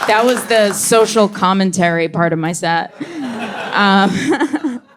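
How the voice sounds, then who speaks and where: A young woman performing a stand-up comedy set on a club stage, delivering deadpan punchlines and slipping into quick voices for the characters in her stories. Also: mid-range voice, some chatter behind. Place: comedy club stage before a live audience.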